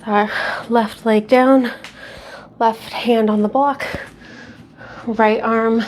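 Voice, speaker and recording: A woman with a somewhat high voice leads a casual yoga class at home, slowly calling out poses. She is out of breath and sighs between her cues, chatting in a self-deprecating way. A faint hum sits behind her. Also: steady tone, darkish tone. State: out of breath and sweaty. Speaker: yoga instructor.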